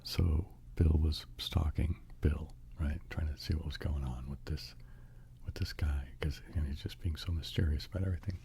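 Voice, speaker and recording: A man's voice: very deep voice, steady tone, normal speed, creaky, dark tone, slightly rough. A man telling a whispered ASMR bedtime story, rambling along with many fillers and restarts.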